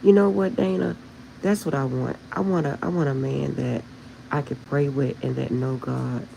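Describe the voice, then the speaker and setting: Gravelly-voiced woman chatting with viewers. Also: a bass voice, steady tone, normal speed, dark tone, slight background noise, low-quality recording. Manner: heartfelt, emotional, talks straight to viewers. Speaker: spiritual livestream host. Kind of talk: casual livestream chat with viewers.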